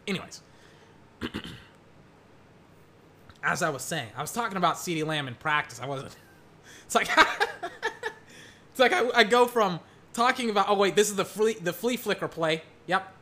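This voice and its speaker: A young man chatting about football while watching game clips, rambling and excitable, breaking into mock play-by-play calls. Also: high voice, measured pace, long pauses.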